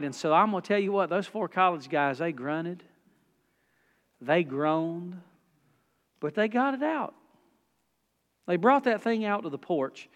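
A high-voiced man in his forties preaches with folksy storytelling. He swings between soft, low asides and loud, rising peaks. His voice rings with the long reverb of a church hall. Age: 40s. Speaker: pastor. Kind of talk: sermon with storytelling.

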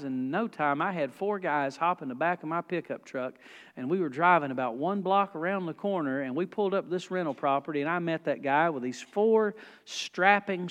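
A pastor in his forties with a high voice delivers a folksy, story-driven sermon. He moves from quiet, low asides to loud, climbing peaks, and the long reverb of a church hall rings around him.

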